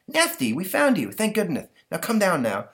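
A man voicing an excitable young boy in a comic-book reading, with squeaky, shouty cries. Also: normal speed, heavily acted. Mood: excited.

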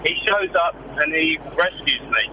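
A man's voice: on the high side, expressive, a little slow, background noise. A man in his twenties with an English accent and a slight Australian twang, phoning in sheepishly from his car. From England. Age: 20s. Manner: sheepish, laughs things off. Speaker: caller.

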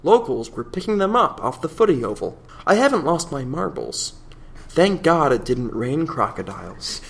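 A man rereading a quote in a mock posh English accent, slow and deadpan. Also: a little high, gravelly. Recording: roomy echo.

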